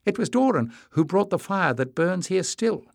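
A man's voice: sits high, sing-song, normal speed, vocal fry, no room sound, studio quality, voice pushed up, exaggerated voice. A man doing an eager, breathless young man. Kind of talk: audiobook character reading.

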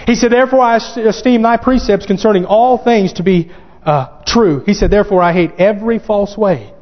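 A man preaching a sermon, fervent and growing excited as he quotes scripture. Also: high voice, normal speed. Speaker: pastor. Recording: dull lo-fi sound with long hall reverb.

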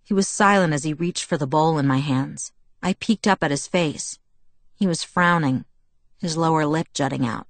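A woman narrating a novel in the first person, steady and measured. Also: deep voice, no room sound. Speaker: audiobook narrator.

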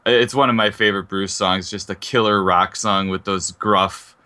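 Male co-host, somewhat low voice, bright and punchy delivery, eager fan chatter. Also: steady tone, normal speed. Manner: enthusiastic, chatty, with filler words. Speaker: podcast co-host. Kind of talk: casual music discussion.

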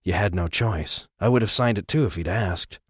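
A man reading an audiobook, voicing a serious soldier who speaks low, calm and firm. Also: moderate pace, husky, no echo, clean studio sound.

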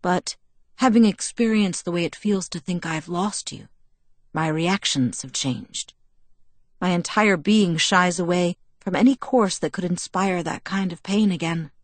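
A woman reading an audiobook, voicing a calm, devoted young man who speaks softly and reassuringly. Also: fairly low pitch, measured pace, no echo. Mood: earnest.

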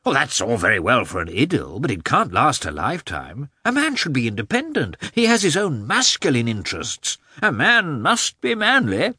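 A man's voice: medium pitch, wildly swooping pitch, moderate pace, hardly any pauses, sharp tone, slightly rough, no room sound, studio quality, pitched above the performer's own voice, heavily acted. A man voicing a worldly, jovial middle-aged nobleman who talks in a breezy, persuasive, lecturing way.

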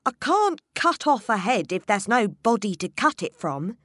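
Storybook executioner, voiced by a woman, flat, declaring, a touch louder. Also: medium pitch, a little slow, dry recording, studio quality, voice pushed up. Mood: objecting. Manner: declaring flatly. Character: adult male executioner, matter-of-fact. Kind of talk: storybook reading.

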